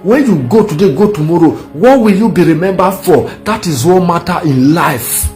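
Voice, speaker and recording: A man's voice: sits high, expressive, normal speed, a little mellow. Nigerian pidgin man warning the govt over and over, average voice, bit of music behind. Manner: defiant, warning, repetitive. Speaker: protester. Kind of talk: political protest speech.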